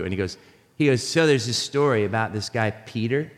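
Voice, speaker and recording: A man preaching a sermon as a pastor, telling animated, jokey stories with many restarts. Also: medium pitch, normal speed. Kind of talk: sermon with storytelling. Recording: live sermon in a reverberant hall.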